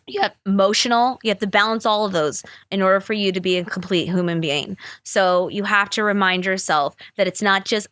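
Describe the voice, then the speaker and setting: A woman's voice: medium pitch, a little fast, hardly any pauses, a bit bright, no room sound, studio quality. A young adult woman hosting a podcast, talking candidly in a rambling, profane, emotional way. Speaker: podcast host. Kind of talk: candid solo podcast talk.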